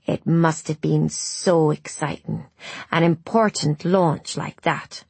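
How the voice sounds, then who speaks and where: A woman's voice: low voice, fairly even intonation, slow pace, vocal fry, darkish tone, slightly rough, no echo, heavily acted. Woman doing a fussy kindly village lady. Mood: fussing.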